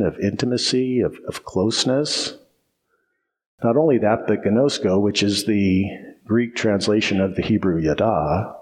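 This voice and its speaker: Guy preaching a sermon, lowish voice, keeps saying right? and restarting lines. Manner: repetitive emphatic preaching with frequent "right?" and restarts. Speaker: pastor.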